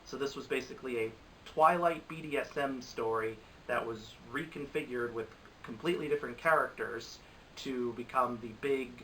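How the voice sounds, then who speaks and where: A man with a bright, ringing voice rambles through his reactions to bad films, exasperated and often restarting his sentences. He sits a little back from the mic, and a faint hiss runs under the home recording. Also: medium pitch, recorded from a distance, rough recording. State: recovering from a cold. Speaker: movie reviewer. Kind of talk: casual commentary to camera.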